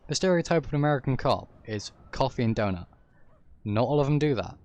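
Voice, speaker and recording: A man's voice: mid-range voice, animated, fast, darkish tone, lo-fi sound. A man from England with an English accent, rambling through an opinionated livestream rant and correcting himself as he goes. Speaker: streamer. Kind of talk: casual ranting livestream talk.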